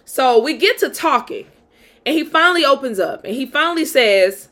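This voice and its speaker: A woman's voice: high voice, lively intonation, moderate pace, fairly bright tone. Young woman host, candid storytime monologue, chatty with fillers. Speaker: podcast host.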